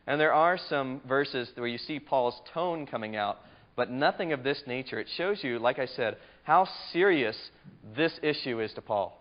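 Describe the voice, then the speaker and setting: A man's voice: mid-range voice, animated, normal speed. A man teaching a Bible study lecture in a conversational, emphatic way, asking his class questions, on a muffled lo-fi recording.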